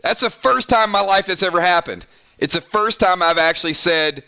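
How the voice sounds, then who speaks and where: Bright-voiced Southern man chatting on stream. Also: high-pitched, a little fast, vocal fry. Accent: Southern American. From American South. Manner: chatty, playful, argues opinions with viewers. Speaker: gaming channel host. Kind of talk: casual live-stream chat.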